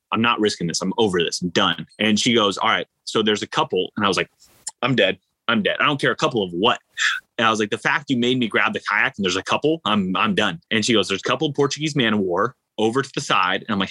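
A man, an endurance athlete, telling stories in a casual interview, animated and rambling with lots of fillers. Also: on the low side, dry recording, poor audio. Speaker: ultra-endurance athlete guest.

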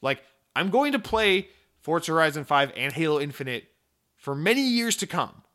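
A young man talking casually about video games in a rambling, animated rant full of swearing and filler words. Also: fairly high pitch, normal speed. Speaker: gaming commentator.

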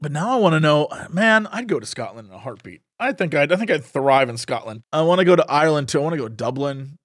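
A man co-hosting a podcast in casual chat, excitable and swearing freely. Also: a little high, quick pace, no echo, clean studio sound. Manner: excitable, swearing, puts on mock voices. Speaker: podcast co-host.

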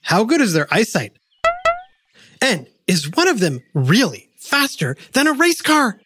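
A woman's voice: medium pitch, big pitch swings, measured pace, a bit bright, faint music behind. Playful woman narrating a kids' science show. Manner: playful, addresses the listener with quiz questions. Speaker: narrator and host. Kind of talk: scripted educational narration for kids.

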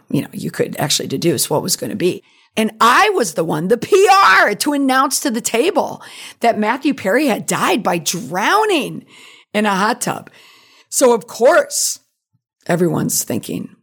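A middle-aged woman hosting a podcast, telling stories in a chatty, digressive way, her voice slightly creaky. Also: mid-range voice. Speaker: podcast host and PR professional. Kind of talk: casual monologue.

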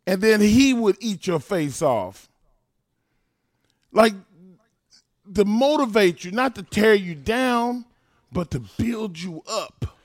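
A man with a slightly high voice talks fast and preachy, working himself up into loud bursts. The sound is close and dry, with no room around it. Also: no echo. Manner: fired-up, preachy, bursts into loud animated rants. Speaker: podcast co-host. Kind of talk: casual chat.

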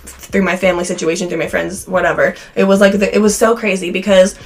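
A woman's voice: lowish voice, fairly even intonation, quick pace, faint music behind. A young woman from the American Midwest, co-hosting a podcast in casual chat, peppering her talk with "like" while her voice wears thin. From Cincinnati, USA. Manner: chatty, frequent "like" fillers. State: losing her voice. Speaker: podcast co-host.

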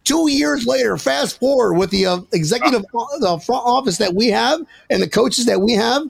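A young man hosting a sports podcast, excitable and joking as he argues his picks and talks over the others. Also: very high-pitched, moderate pace, gravelly, husky. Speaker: podcast host. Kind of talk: casual sports banter.

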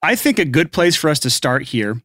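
A man hosting a casual podcast, teasing his co-host and hyping up his guest. His voice sits a little higher than most men's. The sound is dry and close, with no room in it. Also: sing-song, moderate pace, pushed and bright, no echo. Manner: playful, teasing hype-man.

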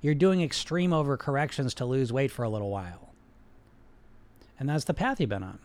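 A man's voice: mid-range voice, expressive, fairly quick, a little mellow. A man coaching on weight loss in a blunt, emphatic, profane way, repeating words for stress as he talks to a live chat.

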